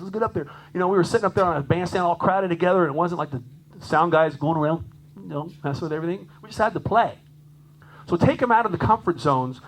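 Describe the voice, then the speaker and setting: A man talking to a conference room about playing jazz, in an animated, chatty way that often breaks into laughter. His voice sits a bit high for a man. A faint hum runs under the recording. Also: poor audio. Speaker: jazz drummer giving a clinic talk. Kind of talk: lively conference clinic talk.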